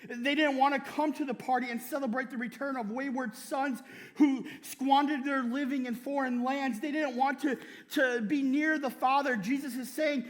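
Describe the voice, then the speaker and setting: High-voiced male pastor, conversational sermon. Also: fairly even intonation, normal speed, long reverb tail. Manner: conversational preaching, tags many lines with "right?"; laughs often while speaking. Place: church.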